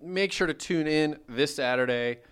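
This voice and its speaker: A man's voice: a little high, moderate pace, fairly bright tone, clear, resonant tone. A man co-hosting a casual podcast, joking and teasing while he runs through news. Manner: jokey, teasing, rambling. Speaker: podcast co-host. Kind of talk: casual chat.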